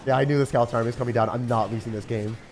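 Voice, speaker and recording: A young man commentating his own live game stream in a jokey, excitable way, bursting into shouts and laughter. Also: medium pitch, very fast, a little hiss or hum. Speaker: gaming streamer.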